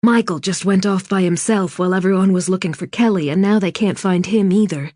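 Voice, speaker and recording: A woman reading an audiobook, voicing a worried mother who speaks softly and gently to her child. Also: mid-range voice, fairly quick, no room sound, clean studio sound, natural voice. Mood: tender. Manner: soft, hushed and gentle. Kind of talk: audiobook character voice.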